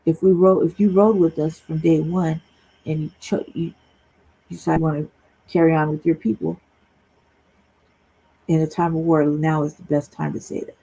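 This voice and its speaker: A woman's voice: low voice, little pitch movement, normal speed, gravelly, pauses often, warm tone, slightly rough, low-quality recording. A woman talking bluntly and profanely on a livestream talk show over a remote call, often checking in with "right?". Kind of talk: casual heated talk. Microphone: remote streaming call.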